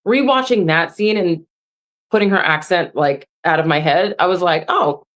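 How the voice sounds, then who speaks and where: A woman's voice: on the low side, expressive, moderate pace. A woman co-hosting a podcast, rambling casually with lots of "like" as she shares her opinions about a show. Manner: rambling, heavy use of "like". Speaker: podcast co-host. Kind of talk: casual recap chat.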